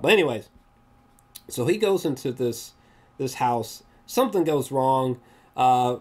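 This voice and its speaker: A movie reviewer talking through a casual spoiler review vlog, animated and excitable, rambling with many restarts and swearing often. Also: medium pitch. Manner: rambling, with frequent restarts and fillers.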